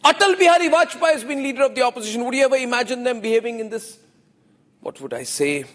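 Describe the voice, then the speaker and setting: A man's voice: very high-pitched, animated, fast, a bit bright, long reverb tail. A man with an Indian English accent, delivering an opinionated TV news monologue as anchor, emphatic and repeating phrases for effect.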